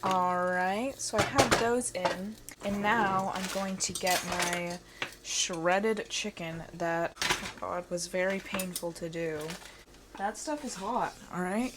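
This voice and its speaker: A playful woman joking her way through a recipe in a home kitchen, talking straight to her viewers. Her voice sits at an ordinary pitch for a woman. A clear hiss and the odd click run under her voice. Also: slow. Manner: playful and jokey, talking to camera while cooking. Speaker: cooking vlogger. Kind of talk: casual cooking vlog talk. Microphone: wearing a mic.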